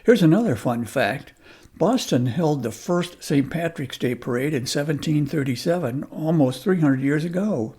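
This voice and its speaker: A man's voice: a little high, animated, moderate pace, darkish tone, husky. A man delivering a scripted radio commentary in a wry, lightly joking manner.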